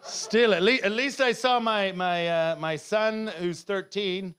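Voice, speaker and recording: A middle-aged man performing a rambling, self-heckling stand-up set, now and then bursting into shouts. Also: sits high, a little slow, background noise. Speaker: stand-up comedian.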